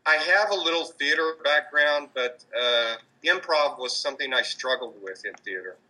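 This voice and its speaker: In a rough recording, a man in a mobster costume talks about his street performing in an interview, his fairly high voice pushed and bright with lively intonation at a moderate pace. He hesitates a lot, using many fillers and starting over often.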